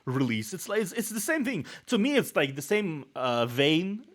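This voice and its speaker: A man's voice: a little high, big pitch swings, a bit bright. Rambling male streamer in casual chat. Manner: rambling, halting, reflective. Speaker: streamer host.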